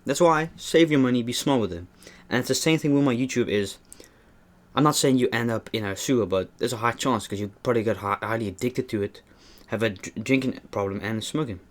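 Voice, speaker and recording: A man's voice: medium pitch, a little fast. A young man hosting a mukbang vlog, talking to the camera in a rambling, earnest way and often calling his viewers "man". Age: young adult. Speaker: mukbang vlogger. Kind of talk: casual talk to camera while eating.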